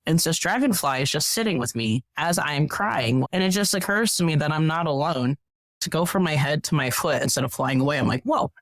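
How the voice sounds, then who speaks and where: A woman guest on a podcast telling stories in a casual, animated way, acting out what people said. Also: low-pitched, a little fast, dry recording. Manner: animated, acts out quoted voices. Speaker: podcast guest, professional hiker. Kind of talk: casual storytelling.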